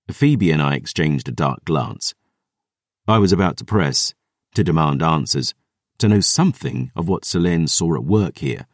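A man narrating an audiobook in the first person, with a gruff, sardonic, measured delivery. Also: very deep voice, expressive, no room sound, clean studio sound.

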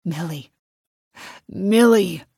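A woman's voice: fairly low pitch, drawn-out words, gravelly, darkish tone, slightly rough, no echo, clean studio sound, exaggerated voice. Woman doing a trapped man, hissing and desperate. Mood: desperate pleading. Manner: hissing, growling, then pleading desperately. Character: angry trapped man, threatening then begging.

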